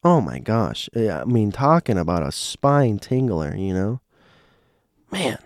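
An American man hosting, chatting casually and reading listener ghost stories aloud, digressive and self-correcting, hushing for the eerie parts. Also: lowish voice, sing-song, measured pace, dry recording, clean studio sound. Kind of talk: casual commentary and story reading.

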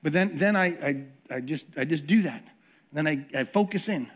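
High-voiced man preaching conversationally. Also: moderate pace. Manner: conversational, repeats words, acts out quotes. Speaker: pastor. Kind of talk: sermon.

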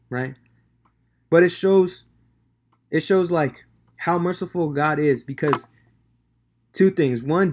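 A man giving a casual devotional talk on scripture, slangy and conversational with many fillers. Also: fairly high pitch. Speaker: devotional speaker.

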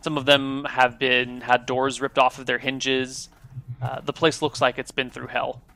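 A male game master runs a tabletop game, narrating scenes in an easygoing, improvised way. His voice is bright and forceful at an ordinary pitch, with a level tone, vocal fry, and a slightly slow pace.

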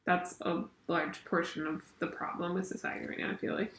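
A woman's voice: fairly low pitch, fairly even intonation, fairly quick, a bit bright. A woman chatting casually as a podcast co-host, blunt, laughing often and filling with "like". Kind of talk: casual chat. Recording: echoey room.

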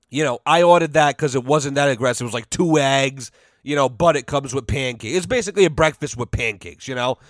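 A man's voice: on the high side, no room sound, clean studio sound. A man hosting a podcast, ranting casually with lots of swearing and fillers as he tells stories. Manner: profane, rambling, with many fillers; animated storytelling. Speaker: podcast host.

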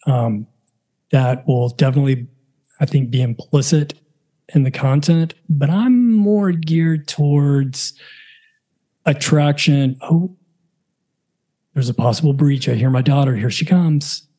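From his home setup, a middle-aged father hosts his own solo podcast, talking casually in a self-deprecating, joking, rambling way. His mellow, mid-range voice moves at a measured pace with frequent pauses.

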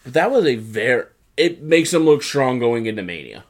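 A man co-hosting a casual wrestling recap, talking in an animated way and acting out the wrestlers' lines in put-on voices. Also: mid-range voice, moderate pace. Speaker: podcast co-host.

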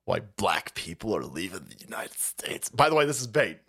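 Animated, mocking male stream host. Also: lowish voice, normal speed. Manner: crude, mocking, puts on voices for quotes; reads chat messages aloud. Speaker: livestream host. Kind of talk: profane political rant stream.

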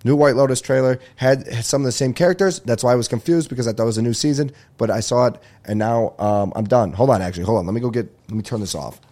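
A man's voice: mid-range voice, fast talker, few pauses, mellow. A young man hosting his own podcast, rambling in casual solo chat, easily distracted and swearing freely. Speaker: podcast host.

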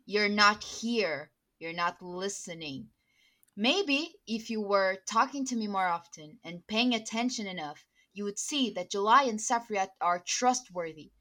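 A woman's voice: medium pitch, lively intonation, measured pace, bright, forceful tone. A woman voicing a wary half-elf man in a tabletop game, answering in a stiff, defiant way. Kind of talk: tabletop role-play.

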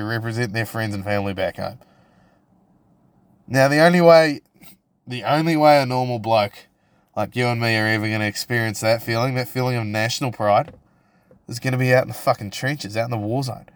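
A man's voice: mid-range voice, no echo. Brash, foul-mouthed New Zealand man ranting. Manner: crude, profane and provocative, full of restarts. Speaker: podcast host. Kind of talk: casual solo podcast rant.

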